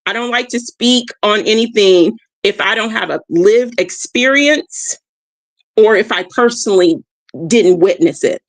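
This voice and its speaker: A woman hosts a motivational livestream of reflective talk, speaking unhurriedly at medium pitch into a streaming mic in a dry recording. She repeats her key phrases, keeps checking in with listeners, and warmly calls them "y'all."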